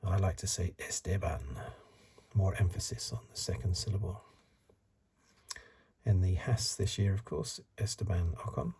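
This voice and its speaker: A middle-aged man hosting a soft-spoken ASMR card review, rambling in asides and drifting into whispers, recorded close to the mic. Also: low-pitched, steady tone, normal speed, slight background noise. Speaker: ASMR channel host.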